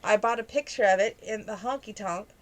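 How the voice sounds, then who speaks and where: A woman's voice: medium pitch, a little fast, close to an everyday voice. A woman reading the lines of a frank young woman who answers her mother in a wry, blunt manner.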